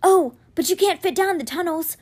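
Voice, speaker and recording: Woman voicing a raspy young boy, hurried. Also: extremely high pitch, a little mellow, pitched above the performer's own voice. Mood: urgent. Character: raspy boy with a weak, recovering voice. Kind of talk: reading a children's novel aloud.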